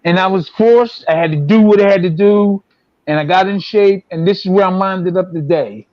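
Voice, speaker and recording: A man's voice: sits high, normal speed, no room sound. A man in his sixties, a former boxer, telling long rambling stories and repeating himself as he acts out quotes. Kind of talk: casual storytelling. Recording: dull, dry lo-fi sound.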